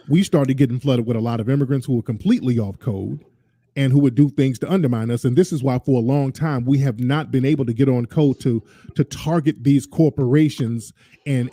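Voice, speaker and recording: A man's voice: medium pitch, moderate pace, warm tone, dry recording, clean studio sound. A male show host ranting over a video clip, sarcastic and mocking. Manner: ranting, sarcastic, mimics voices. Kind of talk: commentary over a played clip.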